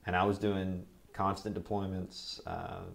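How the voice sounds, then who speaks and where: Young male veteran for an oral history interview, deep and gravelly, relaxed rambling delivery. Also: measured pace.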